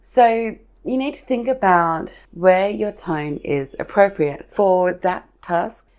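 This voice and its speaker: A woman hosting a marketing podcast who explains ideas in a chatty, lively way and leans on everyday examples. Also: medium pitch, slow pace. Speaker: podcast host from a marketing agency. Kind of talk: casual explanatory talk.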